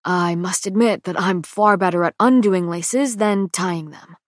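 Quiet teasing young prince, read by a woman. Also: on the low side, a little slow, no room sound, clean studio sound, lightly acted. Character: young male prince, calm, dryly teasing. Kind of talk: audiobook character voice.

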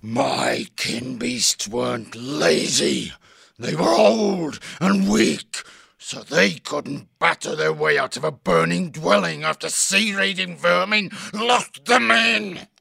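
A man voicing a huge, wrathful young male badger warrior in an audiobook, with a deep growling, menacing delivery. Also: lively intonation, takes it slowly, creaky, pushed and bright, slightly rough, dry recording, full character voice. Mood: grim. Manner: menacing, bellowing commands. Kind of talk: audiobook character voice.

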